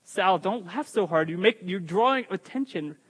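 A man preaches with a high, emphatic voice, turning to the congregation now and then with a joking aside. His words ring out with a long reverb, as if he is in a big church hall. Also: expressive, moderate pace, husky. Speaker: pastor. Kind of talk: sermon.

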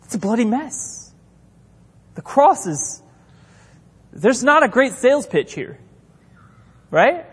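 A middle-aged male pastor delivers an impassioned, animated sermon, acting out the voices of people in his stories. His voice sits unusually high for a man. The sound rings with the long reverb of a large hall. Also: slow, pauses often, breathy edge. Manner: impassioned, animated preaching with acted-out quotes.

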